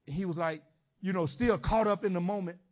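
A man preaching a sermon, swinging between shouted emphasis and quiet, reflective teaching. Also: sits high, fairly quick.

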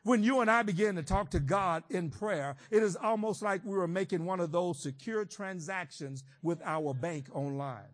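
A man preaching a sermon, swinging between shouted emphasis and quiet, reflective teaching. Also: sits high, moderate pace, few pauses.

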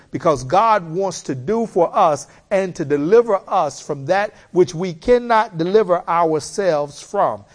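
A man preaching a sermon, slow and emphatic, building repeated appeals to his listeners. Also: high-pitched.

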